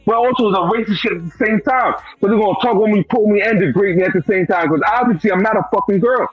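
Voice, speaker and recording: A man's voice: high voice, fast talker, breathy edge, dry recording, dull audio, soft background music. A man telling a personal story in a casual, profane, streetwise way, full of "bro" and "you know what I'm saying.". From Brooklyn, New York. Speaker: guest.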